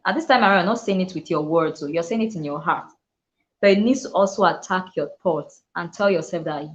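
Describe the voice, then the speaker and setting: A woman's voice: lowish voice, fairly quick, muffled recording, slight background noise. A woman teacher and dyslexia coach giving an earnest motivational talk to other teachers, often acting out what children and teachers say. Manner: earnest, acts out quoted voices, laughs often.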